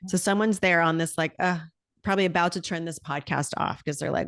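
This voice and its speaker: This middle-aged podcast host talks candidly and energetically, swearing freely in relaxed conversation. Her voice sits on the low side and runs a little fast, with vocal fry and a slightly bright quality, in studio-quality audio without echo.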